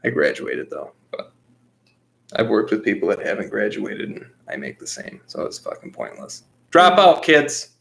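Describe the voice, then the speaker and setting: A man's voice: low-pitched, expressive, normal speed, gravelly, slight background noise. Blunt, profane man telling a story. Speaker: podcast co-host. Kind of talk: casual storytelling chat.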